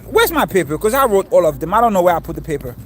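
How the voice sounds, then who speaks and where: A man with a notably high voice teaches scripture outdoors, talking loosely and throwing questions at his listeners before explaining the answers. He sits on grass, and faint outdoor noise runs underneath. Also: very animated, rapid-fire, fairly bright tone. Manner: informal, quizzes listeners and explains terms. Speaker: spiritual teacher. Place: outdoors, sitting on grass in the wind.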